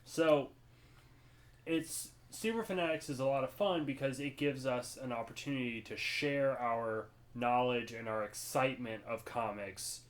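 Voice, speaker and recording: A man's voice: medium pitch, unhurried. Chatty young male podcast co-host. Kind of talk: casual chat.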